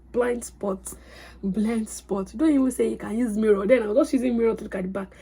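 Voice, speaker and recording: A young woman telling a story to her vlog in an excitable, chatty way. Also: on the high side, husky. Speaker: vlogger.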